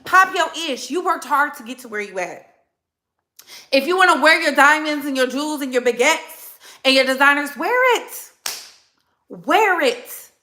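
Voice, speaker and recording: A woman with a high, bright voice delivers a heated commentary monologue. She speaks bluntly and hammers her points home by repeating phrases. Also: normal speed. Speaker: commentary channel host.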